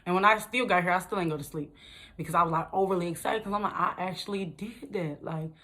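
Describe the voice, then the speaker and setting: Young girl vlogging, lowish voice, animated, laughing a lot, casual storytelling. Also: quick pace. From Detroit, USA. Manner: animated, chatty, laughs often, swings pitch for emphasis.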